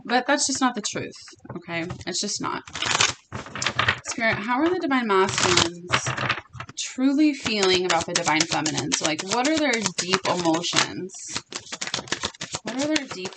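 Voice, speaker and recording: A woman's voice: medium pitch, very noisy. A young woman giving a casual tarot reading to her viewers, talking earnestly and emphatically and repeating her phrases. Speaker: tarot reader.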